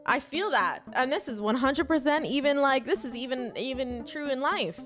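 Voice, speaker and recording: Young woman, gaming streamer, casual slangy commentary, slightly high voice, faint music behind. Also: normal speed, hardly any pauses, a bit bright. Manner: slangy, chatty, talks to herself.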